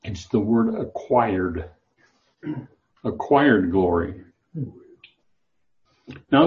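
A man's voice: mid-range voice, lo-fi sound. A man teaching a Bible class, talking in a loose, discursive way with many fillers and restarts.

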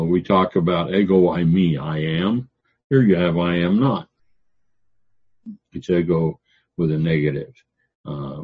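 An older man teaching a Bible lecture, pausing often on fillers as he explains word meanings. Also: low-pitched, darkish tone, husky. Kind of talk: classroom theology lecture. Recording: dull lo-fi lecture recording.

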